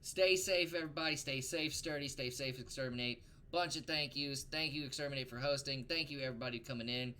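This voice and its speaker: A man's voice: mid-range voice, a little fast, hardly any pauses, bright, forceful tone, a little hiss or hum. A young man co-hosting a livestreamed talk show, chatting casually and joking crudely, often laughing. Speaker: podcast co-host.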